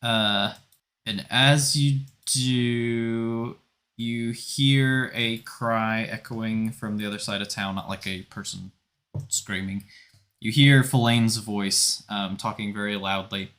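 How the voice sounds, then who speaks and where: A man narrating a tabletop game as game master, relaxed and rambling with many fillers. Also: fairly low pitch, slow.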